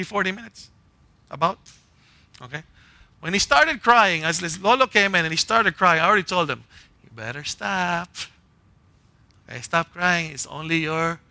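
Bright, sharp-voiced male preacher. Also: fairly high pitch, no echo. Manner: checks in with listeners, often asking "right?" and "okay?"; animated storytelling with short punchy phrases. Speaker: pastor. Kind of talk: conversational sermon with a personal story.

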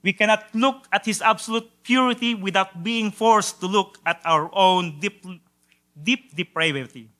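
Bright high-voiced man preaching a sermon. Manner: dramatic swings from hushed to loud exclamations; drawn-out emphatic quotations. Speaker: pastor.

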